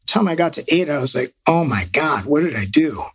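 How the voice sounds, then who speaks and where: Middle-aged male guest with a slightly high, husky voice, rambling and animated. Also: brisk, no echo. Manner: animated, rambling, quoting himself. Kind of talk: casual storytelling.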